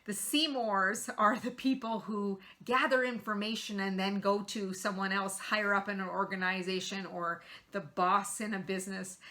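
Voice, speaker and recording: A woman's voice: medium pitch, bright, forceful tone. A middle-aged woman hosting a show, giving earnest coaching tips in a motivational talk with rhetorical questions. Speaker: host.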